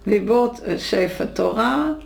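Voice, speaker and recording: A woman's voice: mid-range voice, animated, unhurried, creaky, a little mellow. A woman interviewee who adds short remarks to the conversation. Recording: echoey room.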